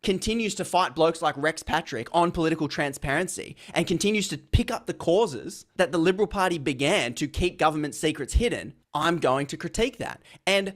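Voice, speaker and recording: A man's voice: on the high side, lively intonation, brisk, few pauses. An Australian man, a political commentator, explaining his views earnestly in a video.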